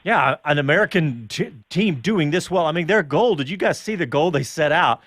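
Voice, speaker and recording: A man hosting a casual motorsport chat show, talking in an animated, chatty way and laughing often. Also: a little high, normal speed, no room sound, clean studio sound. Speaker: show host.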